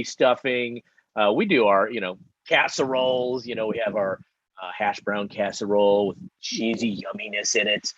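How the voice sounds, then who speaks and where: Relaxed male wine co-host, mid voice, slightly dull dry webcam sound. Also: mid-range voice, dry recording. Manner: relaxed, rambling, many fillers. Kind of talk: live online wine tasting chat.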